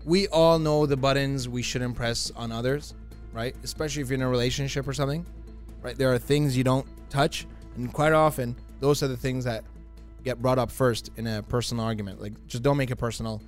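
A man co-hosting a podcast in casual chat, laid-back and slangy, chiming in with quick agreements. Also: mid-range voice, steady tone, soft background music. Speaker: podcast co-host.

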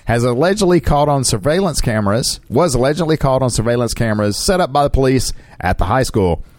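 A male radio co-host reading odd headlines and often tripping over words. His mid-pitched voice has a lively lilt, recorded dry and close. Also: brisk, dry recording. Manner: stumbling, chuckling reader. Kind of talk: news headline reading with banter.

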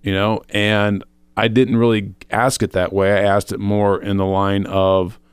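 A man's voice: lowish voice, little pitch movement, unhurried, clear, resonant tone, dry recording. A man co-hosting a faith show, earnestly retelling a personal spiritual experience, quoting his own thoughts aloud with frequent restarts. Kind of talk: personal testimony in casual chat.

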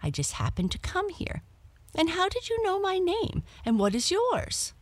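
A woman's voice: extremely high pitch, huge pitch swings, normal speed, no echo, pitched above the performer's own voice, full character voice. A woman voicing a young female black cat who is eager, chatty and adventurous in a storybook reading.

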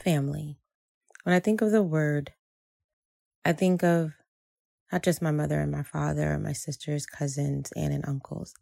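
A woman's voice: low-pitched, fairly even intonation, moderate pace, creaky, long pauses, mellow, dry recording, studio quality. A woman from Jersey City narrating a personal story in a reflective way, repeating phrases for emphasis. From Jersey City, United States.

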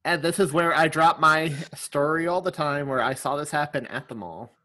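A man's voice: fairly high pitch, normal speed. Man telling anecdotes on a podcast. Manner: animated anecdotes, blunt opinions. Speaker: podcast co-host. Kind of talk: casual chat.

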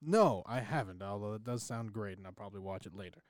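A man's voice: on the low side, expressive, fast talker, no echo, studio quality. A young man co-hosting a podcast in casual chat, rambling and joking with lots of fillers and restarts. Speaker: podcast co-host.

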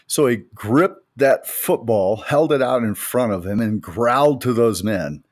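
A man's voice: medium pitch, measured pace, hardly any pauses, no echo, studio quality. A middle-aged man from the United States, co-hosting a podcast and telling anecdotes with emphasis. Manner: storytelling, emphatic retelling of anecdotes. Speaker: podcast co-host. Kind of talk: casual faith podcast chat.

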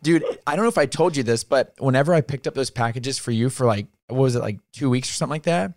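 A man's voice: mid-range voice, fast talker, a little mellow, no echo. Young man, podcast co-host, laid-back, playful, reflective, dry close mic. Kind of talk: casual faith podcast chat.

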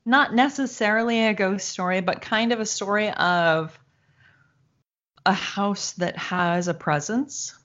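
A woman telling a long personal story in casual conversation, animated, laughing now and then and acting out the voices she quotes. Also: medium pitch, a little slow. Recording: dull lo-fi sound.

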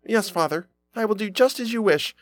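A man's voice: high-pitched, lively intonation, normal speed, dry recording, soft background music, pitched above the performer's own voice. A man voicing a simple-minded, fearless young lad with an earnest, stammering way of talking.

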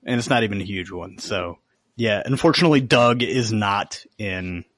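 A man's voice: lowish voice, animated, moderate pace, fairly bright tone, dry recording. A man co-hosting a podcast, chatting casually and recommending a show with emphatic enthusiasm. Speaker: podcast co-host. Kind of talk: casual chat.

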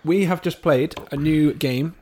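A man's voice: a little high, unhurried, darkish tone. A man hosting a podcast in casual chat, jokey and playful, swearing casually. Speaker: podcast host.

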